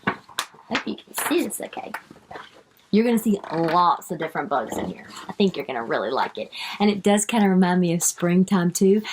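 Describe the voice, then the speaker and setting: A woman's voice: medium pitch, slight background noise. A woman reading a picture book aloud to young children, stretching out the words she reads and coaxing the child with questions.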